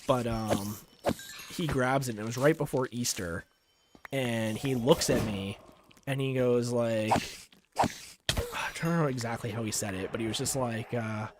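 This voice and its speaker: A man's voice: medium pitch, moderate pace, heavy background noise. A young man streaming a game, casually telling rambling stories full of fillers. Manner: rambling, filler-heavy, chuckling. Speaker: gaming streamer. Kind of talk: casual storytelling while gaming.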